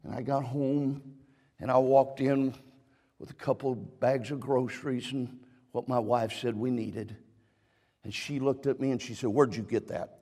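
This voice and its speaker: A man's voice: mid-range voice, darkish tone, in a large hall. A middle-aged man preaching a sermon as a pastor, telling a personal story and then building into fervent preaching. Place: church sanctuary.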